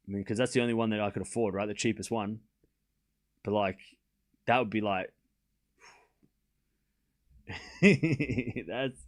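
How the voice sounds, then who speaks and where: During a live watchalong of a tennis match, this Australian streamer and tennis coach chats in a relaxed way, reads out messages from chat, and throws in short spurts of play-by-play. He has a mid-range voice.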